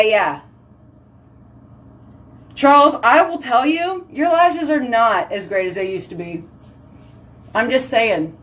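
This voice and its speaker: Chatty woman hosting a livestream. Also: a little high. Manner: chatty, animated, talks with her viewers. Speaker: livestream host. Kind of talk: casual chat to live viewers.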